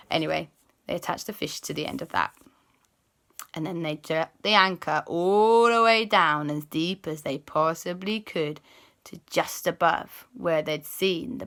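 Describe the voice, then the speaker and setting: A woman's voice: low voice, creaky, sharp tone. A woman improvising a children's story as its host, chatty and playful. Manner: playful, chatty, with drawn-out hums.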